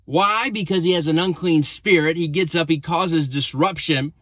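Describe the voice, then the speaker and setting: A man's voice: on the high side, moderate pace, a bit bright, no room sound. A man, a pastor, recapping a sermon in a casual storytelling way with frequent restarts.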